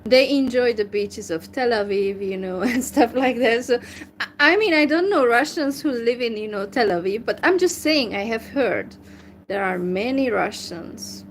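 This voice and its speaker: A woman's voice: on the high side, lively intonation, moderate pace, a little hiss or hum, poor audio. A woman from Hungary, chatting casually and giving opinions, hesitant and full of fillers and restarts. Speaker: language learner chatting with strangers.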